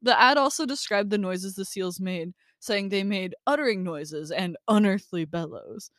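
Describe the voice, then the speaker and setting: A woman's voice: mid-range voice, normal speed, a bit bright, no room sound, clean studio sound. A woman co-hosting a podcast in casual chat, upbeat, laughing often and reading from her notes. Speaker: podcast co-host.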